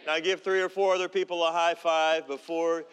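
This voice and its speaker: A man's voice: a little high, little pitch movement, fairly bright tone, big-room sound, slight background noise. A man preaching a sermon as pastor, leading the congregation in repeated declarations and preaching emphatically. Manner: leads congregation in call-and-response declarations; emphatic, repetitive preaching with a slow build. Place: large church hall with live congregation.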